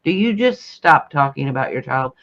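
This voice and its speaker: A man's voice: mid-range voice, animated, moderate pace, a bit bright. A man hosting a live stream who fires pointed questions at his guest and the chat and demands answers. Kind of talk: casual live-stream commentary. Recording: dull lo-fi sound.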